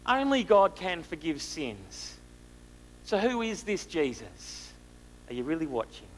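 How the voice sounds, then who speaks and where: A man preaching a sermon, asking the listeners rhetorical questions and moving between loud and hushed delivery. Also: a little high, wildly swooping pitch, measured pace, a little hiss or hum, poor audio.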